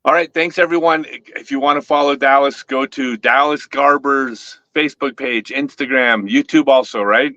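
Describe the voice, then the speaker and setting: Bright-voiced man, rambling and playful. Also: mid-range voice, steady tone, moderate pace, hardly any pauses, no room sound, dull audio. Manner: rambling with frequent restarts, playful teasing. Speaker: host, disc company owner. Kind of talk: casual interview chat.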